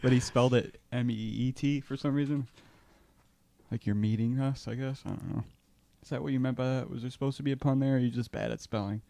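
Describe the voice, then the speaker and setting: A man's voice: medium pitch, steady tone, quick pace, gravelly, warm tone, no room sound. A man co-hosting a casual podcast, laid-back, laughing often and swearing freely. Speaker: podcast co-host. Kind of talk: casual chat.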